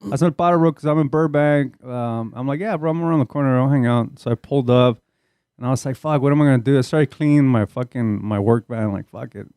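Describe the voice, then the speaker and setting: A man's voice: medium pitch, fast, darkish tone, clear, resonant tone, no room sound, studio quality. A man with a Chicano English accent, a podcast host telling a long casual story, profane and laid-back, slipping Spanish slang in.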